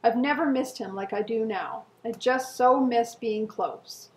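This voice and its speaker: Middle-aged woman, somewhat high voice, earnestly reading her old journal entries aloud in an echoey room. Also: unhurried. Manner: earnest and emotional, with soft laughs and sighs. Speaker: co-host.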